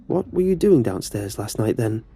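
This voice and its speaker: A man's voice: on the low side, big pitch swings, gravelly, warm tone, husky, soft background music, exaggerated voice. A man voicing a groggy, suspicious mother. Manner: slow, sleepy questioning.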